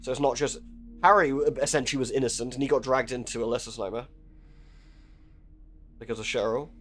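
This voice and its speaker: A man's voice: mid-range voice, steady tone, brisk, a bit bright, soft background music. A young man chatting casually while live-streaming a horror game, joking, swearing and laughing often.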